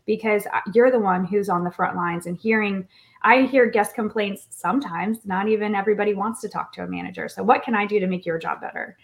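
A woman who is a hospitality researcher talks as a guest on an interview podcast. She is enthusiastic and chatty and laughs easily. Her voice sits at an everyday pitch. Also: a little fast, creaky. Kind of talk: conversational interview.

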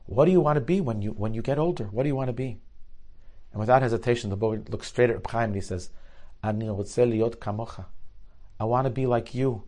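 A man telling stories in a sermon, rising loud for climaxes and dropping low for tense moments, with Hebrew and Yiddish terms woven in. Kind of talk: storytelling sermon.

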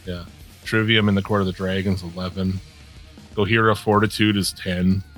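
Blunt, swearing man with a low voice. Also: little pitch movement, normal speed, a bit bright, soft background music. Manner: blunt, opinionated, swears a lot. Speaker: podcast co-host. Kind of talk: casual profane chat.

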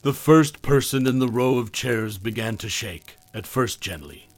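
A man tells a horror story in a measured, even voice. His pitch sits in the middle of the male range. The sound is dry and close, with no room around it. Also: no room sound. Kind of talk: scripted narration.

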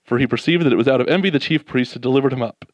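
Male preacher, mid-pitched, lively scripture retelling, dead-dry close recording. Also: dry recording, lo-fi sound. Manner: animated, voices the disciples' doubts, drops soft and slow for reflection. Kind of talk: sermon.

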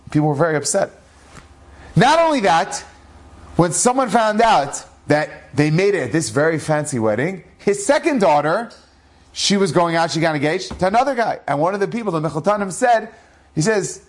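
A man, a rabbi, telling an inspirational story in a lively way that acts out the dialogue, with Hebrew and Yiddish words mixed in. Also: on the high side, normal speed. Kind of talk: storytelling podcast.

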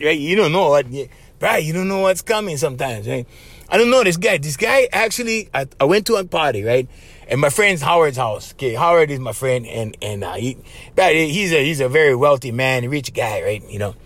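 A man with a Hawaiian Pidgin accent rambles through stories on his own podcast, laughing often and saying bro at every turn. His voice sits high and swings all over the place. The sound is dry and close, with no room around it. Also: dry recording. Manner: animated, laughs often, says bro constantly. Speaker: podcast host. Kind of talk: casual storytelling monologue.

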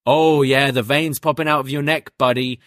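A man's voice: medium pitch, steady tone, moderate pace, a bit bright, no echo, clean studio sound, pitched above the performer's own voice, lightly acted. A man reading out a smug male wrestler's taunts in a mocking, goading way. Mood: taunting.

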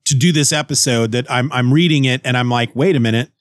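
A man hosting a comic book podcast, recapping and reviewing an issue in a casual, animated way with chuckles. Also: mid-range voice, a little fast, no room sound, studio quality.

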